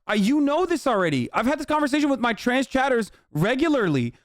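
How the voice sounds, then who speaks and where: A man's voice: very high voice, big pitch swings, brisk, no echo, studio quality. A male livestreamer ranting heatedly and profanely at his chat.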